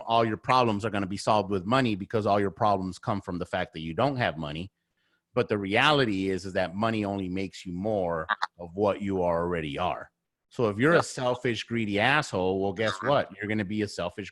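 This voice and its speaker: This real estate investor, a guest on a podcast, talks casually but bluntly, cursing a lot and hammering home his ideas through repetition. He has a lowish, fairly bright voice, recorded cleanly in a studio with no room sound.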